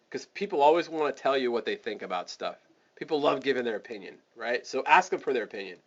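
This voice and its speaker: A man teaching a webinar, giving energetic step-by-step sales coaching and acting out the scripts for his listeners. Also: medium pitch, fast, muffled recording. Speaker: online marketing coach.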